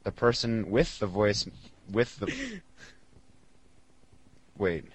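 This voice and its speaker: A young man with a slightly low voice chatting on a casual podcast. He rambles, giggles a lot and reads listener messages aloud through a headset. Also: slow, husky, rough recording. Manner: giggly, rambling, laughs often. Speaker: podcast co-host. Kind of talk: casual podcast chat, reading listener mail.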